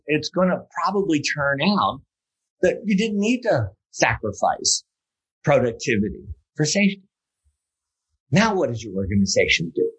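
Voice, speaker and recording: Husky man telling a story. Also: medium pitch, rough recording. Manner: animated, many fillers and restarts, builds to emphatic points. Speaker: guest speaker on safety culture. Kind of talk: conversational storytelling.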